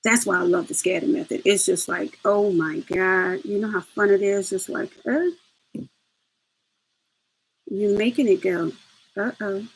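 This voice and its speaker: A woman's voice: medium pitch, normal speed, long pauses, slight background noise, low-quality recording. A woman hosting a casual step-by-step craft tutorial, chatty and laughing as she talks to her viewers.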